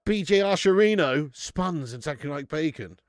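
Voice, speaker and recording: A man's voice: fairly high pitch, expressive, moderate pace, no room sound, studio quality. A man in his thirties hosting a live football watch-along, bantering with chat viewers and swearing casually. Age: 30s. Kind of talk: casual live-stream chat and match commentary.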